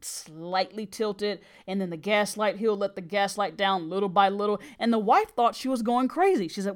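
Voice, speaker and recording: A woman's voice: medium pitch, moderate pace, hardly any pauses. A middle-aged woman hosting a podcast, telling a personal story in an earnest, emphatic way. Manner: earnest and emphatic, with brief laughs.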